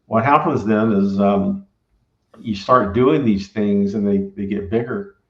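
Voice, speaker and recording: A middle-aged man with a low voice talks in a loose, rambling way and keeps checking in with his listener. The sound is roomy and dull, as if taped in a reflective room. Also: measured pace. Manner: rambling, peppered with tag questions. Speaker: barbecue restaurant owner and former engineer. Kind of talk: casual conversational storytelling.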